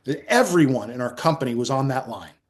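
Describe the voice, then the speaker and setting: Man, middle-aged, from New Jersey, interview guest, animated anecdotes, frequent restarts. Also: mid-range voice, fairly quick. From New Jersey, USA. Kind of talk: casual storytelling interview.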